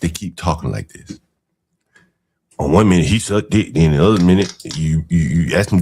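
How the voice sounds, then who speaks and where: Deep gravelly man, mocking commentary. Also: very animated, brisk, a little mellow, a little hiss or hum. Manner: mocking, incredulous asides with frequent fillers. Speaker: podcast host reacting to clips. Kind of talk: casual commentary.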